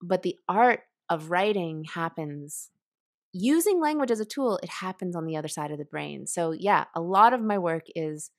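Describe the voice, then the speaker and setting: Lively low-voiced woman teaching writing. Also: normal speed. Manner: animated, explanatory, laughs often. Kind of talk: conversational podcast interview.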